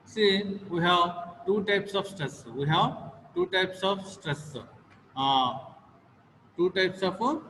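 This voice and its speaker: A man's voice: high-pitched, lively intonation, takes it slowly, pushed and bright. A man teaching English in an online class, repeating phrases again and again for his students to echo. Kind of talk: online class lecture with call-and-repeat drills. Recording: long reverb, faint noise.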